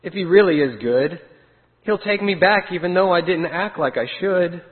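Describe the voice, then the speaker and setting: A man doing a frightened little lost sheep from a rhyming storybook, worried and pleading. The voice sits high and comes through a thin, phone-like line with a long, hollow reverb. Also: moderate pace, close to an everyday voice. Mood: worried, sad.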